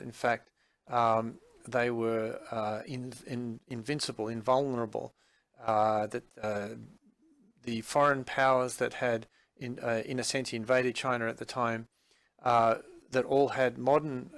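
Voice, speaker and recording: A man teaching a vocabulary lesson in an unhurried way, with many fillers and restarts as he explains each word. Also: medium pitch, a bit bright, no echo. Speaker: Chinese language teacher.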